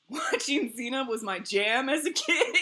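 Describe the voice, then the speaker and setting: A woman streamer in casual chat, animated and rambling, laughing often between thoughts. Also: high voice. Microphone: streaming mic.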